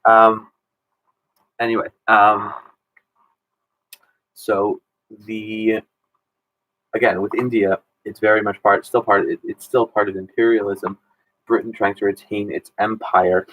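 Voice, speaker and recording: Male teacher, 30s, lowish dry voice; casual, chatty, lots of ums. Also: little pitch movement, slow, pauses often, a bit bright, no room sound, poor audio. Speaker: history teacher. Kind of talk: casual exam review Q&A.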